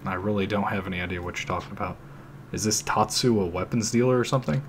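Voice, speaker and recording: A man reads a stoic yakuza hero, dropping his voice lower and quieter into a flat, composed delivery. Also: fast, a little hiss or hum, lightly acted.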